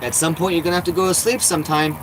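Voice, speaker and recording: Inside his RV, a man rambles through a casual vlog in a slightly high, fairly flat voice, talking at a racing clip over a noisy background. He's blunt and swears a lot, then switches to baby talk for his cats.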